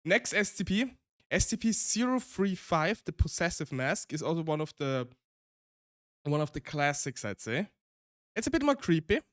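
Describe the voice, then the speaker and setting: A man's voice: fairly high pitch, moderate pace, fairly bright tone, dry recording, clean studio sound. A male streamer with a German accent chatting casually, rambling with frequent restarts and laughs.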